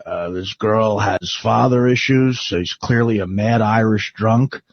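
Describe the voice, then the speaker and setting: A man's voice: lowish voice, measured pace. A man on a radio show delivering a profane, mocking comedic rant full of rambling lists, on a dull lo-fi radio recording.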